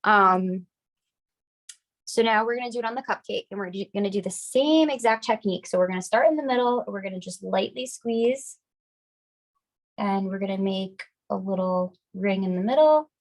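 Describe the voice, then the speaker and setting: Woman with a cold, gravelly voice. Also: medium pitch, moderate pace. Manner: relaxed, chatty, upbeat. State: getting over a cold, coughing. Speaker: craft class instructor. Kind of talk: casual step-by-step demonstration.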